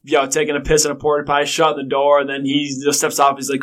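A young man co-hosting a podcast, chatting casually and profanely, acting out quotes in a loud storytelling way. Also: medium pitch, flat delivery, rapid-fire. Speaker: podcast co-host. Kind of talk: casual chat.

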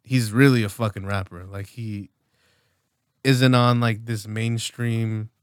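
A man's voice: lowish voice, fairly even intonation, takes it slowly, clean tone, no echo, studio quality. A man in his late twenties co-hosting a podcast, rambling casually with lots of fillers and swearing. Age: late 20s. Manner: rambling, loose, profane, many fillers. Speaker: podcast co-host.

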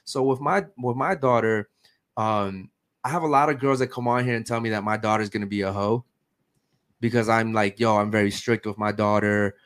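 Podcast host, man in his thirties, mid-pitched, emphatic and talkative, keeps asking "right?". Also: moderate pace, fairly bright tone. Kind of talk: casual podcast chat.

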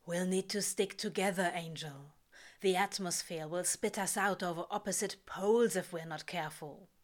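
A woman voicing a laid-back male demon in a low, dry, quietly coaxing voice. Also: normal speed, close to an everyday voice.

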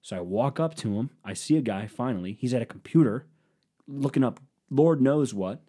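A man's voice: medium pitch, lively intonation, moderate pace, mellow. A man telling a comic personal story in a rambling, profane, self-deprecating way. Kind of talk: casual comedic storytelling.

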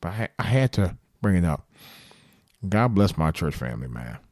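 A man's voice: sits low, sing-song, normal speed, a little mellow, no echo, clean studio sound. A man in his fifties hosting a live late-night call-in show, talking earnestly and bluntly, repeating himself and swearing now and then. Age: 50s.

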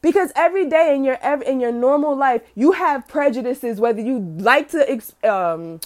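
A woman's voice: high voice, lively intonation, moderate pace. A young woman hosting a podcast, ranting bluntly and animatedly about cancel culture with profanity and mocking asides. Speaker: podcast host. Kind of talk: casual opinion monologue.

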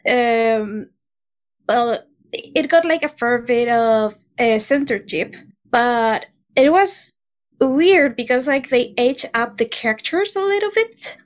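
A woman in casual podcast chat, speaking in a measured way with hesitant fillers and wry exasperation. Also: on the high side, expressive. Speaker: podcast co-host.

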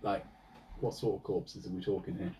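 A man's voice: low voice, level tone, moderate pace, warm tone, slight background noise. A man, co-hosting a podcast in a casual, jokey chat and laughing often. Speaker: podcast co-host.

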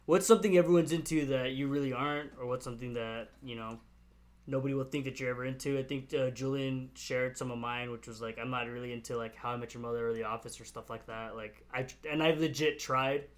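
A man's voice: medium pitch, steady tone, fast. A young man co-hosting a podcast, bantering casually, with frequent laughter. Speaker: podcast co-host. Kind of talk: casual chat.

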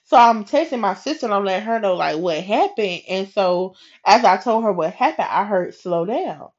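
A woman hosting a podcast, telling a personal faith story in a chatty, animated way and acting out what people said. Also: medium pitch, brisk, muffled recording. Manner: animated and chatty, slips into quoted voices, laughs. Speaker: podcast host. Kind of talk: casual faith storytelling monologue.

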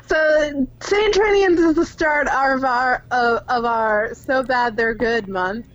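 A woman's voice: high-pitched, takes it slowly, a bit bright, dull audio. A young woman co-hosting a casual film podcast, chatty and giggly, reading out facts about films. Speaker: podcast co-host. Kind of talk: casual chat.

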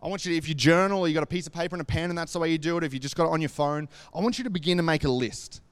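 A man's voice: on the high side, racing, clean tone, no room sound. A man giving an earnest devotional talk, retelling a scripture story in a chatty way with many asides. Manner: earnest and conversational, with lots of "like" and asides.

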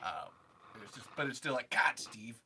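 A man's voice: medium pitch, expressive, brisk, pushed and bright, a little hiss or hum. A young man chatting casually on a podcast, rambling and self-deprecating with sardonic asides.

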